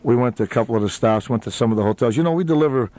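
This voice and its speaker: A man guesting on a radio show as a restaurant owner, with a mid-pitched voice. He talks in a rambling, easygoing way, full of fillers and small laughs. The mic is close and dry. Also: rapid-fire, no room sound. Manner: rambling, many uhs, warm laughs, restarts. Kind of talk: casual radio interview chat.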